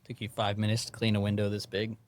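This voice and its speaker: A man's voice: lowish voice, completely flat delivery, quick pace, a little hiss or hum. A man who is a guest on a podcast, chatting casually about work and saying "dude" and "like" a lot. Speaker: podcast guest, former boss. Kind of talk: casual chat.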